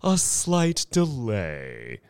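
A man voicing a serene, smooth-talking male showman who soothes and stalls. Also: mid-range voice, huge pitch swings, heavy background noise, exaggerated voice. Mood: soothing. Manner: oily, soothing, drawn-out.

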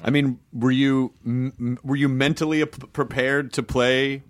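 A man's voice: medium pitch, little pitch movement, a little slow. A man hosting a podcast in a casual, joking and playful manner. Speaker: podcast host. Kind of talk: casual chat.

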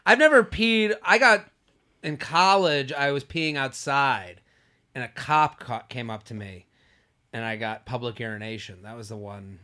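A young man hosting a podcast, telling comic stories in casual chat and dropping low and quiet for asides. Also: unhurried. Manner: animated storytelling, drops low and quiet for asides. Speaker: podcast host.

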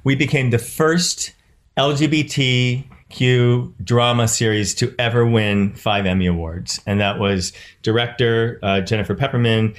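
A man who is an actor and producer, telling animated stories in an interview and often repeating words as he starts. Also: medium pitch, unhurried. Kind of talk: casual interview storytelling.

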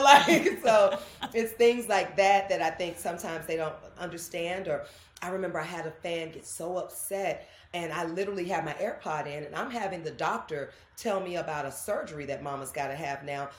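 A woman, a guest telling animated stories in an interview and acting out what people said. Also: on the low side, slight background noise. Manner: animated storytelling, acts out quotes. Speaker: guest, actress. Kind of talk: candid interview conversation. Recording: roomy echo.

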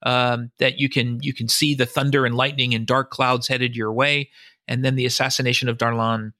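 A man's voice: medium pitch, little pitch movement, normal speed, pushed and bright, no room sound, clean studio sound. A man, a historian and author, giving long explanatory answers in a podcast interview, often quoting sources and thinking aloud.

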